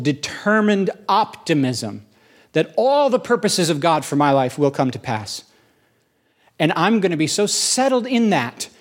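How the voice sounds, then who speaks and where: A middle-aged male pastor preaches a sermon in a fairly high voice, animated and breaking into rapid bursts of questions. He slows down to stress key phrases.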